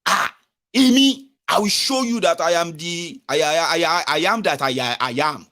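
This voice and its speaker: A man's voice: on the high side, very fast, fairly bright tone, pitched above the performer's own voice. A puffed-up, boastful official with a Nigerian accent, voice raised and self-important, as a man mocks him. He demands to know who he is talking to, all swagger and entitlement. The delivery is mocking and exaggerated. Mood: pompous, indignant. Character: arrogant pompous male official, boastful.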